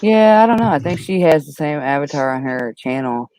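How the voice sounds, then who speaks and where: A woman's voice: sits low, lively intonation, brisk, a little mellow. A woman co-hosting a live stream, answering bluntly in slangy casual chat. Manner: laughs easily, blunt slangy replies. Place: live online stream panel.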